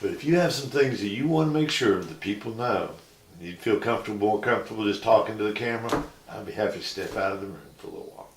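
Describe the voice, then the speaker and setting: An interviewer asking gentle questions and agreeing often, speaking in a reassuring way. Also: mid-range voice, fast. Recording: echoey room, distant mic, faint noise.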